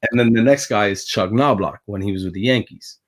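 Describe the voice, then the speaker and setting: A man with a New York accent, a former pitcher telling a story as a guest in a casual chat, animated and laughing as he talks. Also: moderate pace. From Brooklyn, New York.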